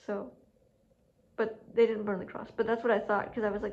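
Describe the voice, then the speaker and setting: A woman's voice: mid-range voice, steady tone, fast, gravelly, slight background noise. A young woman telling a story to her camera in a chatty way, laughing often and acting out what others said. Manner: chatty, laughs often, acts out quoted voices. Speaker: vlogger. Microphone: camera mic. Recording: muffled lo-fi camera audio.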